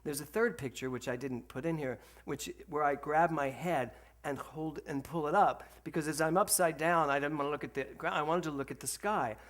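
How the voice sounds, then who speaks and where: A man giving a storytelling sermon to a congregation, animated and laughing, then slowing to a soft, reflective tone for spiritual points. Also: a little high. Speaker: spiritual center speaker. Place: speaking to a congregation with slides.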